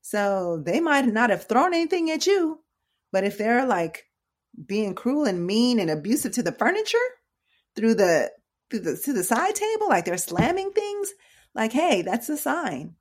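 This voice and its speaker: A woman's voice: fairly high pitch, very animated, a little slow. A woman emergency room nurse giving casual, conversational advice, slangy and direct with her listeners. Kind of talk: casual educational talk.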